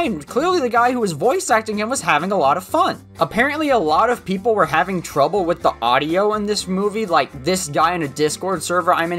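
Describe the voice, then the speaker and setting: A man's voice: high voice, fairly bright tone. Rambling young male commentator. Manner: rambling, self-deprecating, offhand. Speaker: video creator. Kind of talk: casual video commentary.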